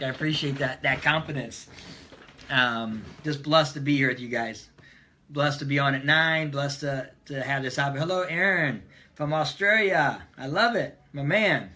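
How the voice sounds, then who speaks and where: A man's voice: fairly high pitch, sharp tone. A man hosting a casual live stream, upbeat and greeting viewers by name as they join.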